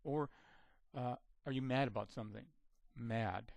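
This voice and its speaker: A man of average pitch gives an instructional talk in a measured, steady way. He often repeats and restarts words as he lays out each step. The sound is dry and close, with little room around it. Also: creaky, no echo. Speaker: communication trainer.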